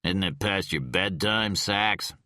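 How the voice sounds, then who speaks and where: A man's voice: low voice, slow pace, bright, forceful tone, dry recording, studio quality, full character voice. A man voicing a bitter, paralyzed male detective who snaps sarcastic demands in an audiobook. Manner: snappish, sarcastic.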